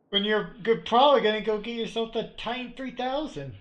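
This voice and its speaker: Bright-voiced man teasing a friend. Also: high voice, normal speed. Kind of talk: casual chat with a streamer.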